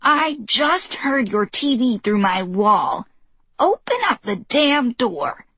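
A woman's voice: on the high side, big pitch swings, takes it slowly, bright, forceful tone, husky, no echo, exaggerated voice. Woman voicing a bossy, scolding older neighbor. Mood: shouting. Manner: scolding, snapping orders.

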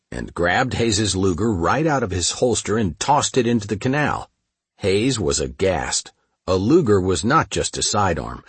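Low, husky male memoir narrator. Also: no room sound. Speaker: audiobook narrator. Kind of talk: first-person memoir narration.

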